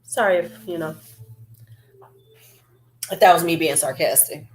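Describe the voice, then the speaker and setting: A woman's voice: sits low, a little hiss or hum. A woman vlogger in casual, chatty beauty-review talk, rambling with fillers and asides. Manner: chatty and animated, drawn-out fillers.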